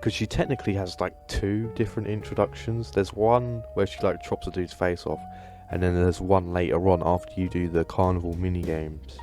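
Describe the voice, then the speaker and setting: A man's voice: low-pitched, a little mellow. A man hosting a casual commentary video, enthusiastic and rambling, with lots of fillers. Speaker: gaming video host.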